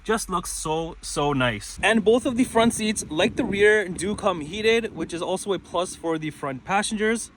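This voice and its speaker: A man's voice: high-pitched, a bit bright, a little hiss or hum. A man giving a casual, enthusiastic walkaround of a car, talking conversationally as he points out details outdoors and inside the vehicle. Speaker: car reviewer. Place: outdoors around a parked car, then inside it.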